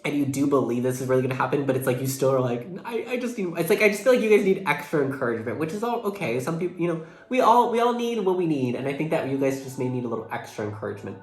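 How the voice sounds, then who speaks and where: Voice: mid-range voice, sing-song, rapid-fire, hardly any pauses. A young adult tarot reader giving a casual, emotional monthly reading, talking earnestly, swearing casually and saying "like" a lot. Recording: echoey room with faint music behind. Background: faint background music.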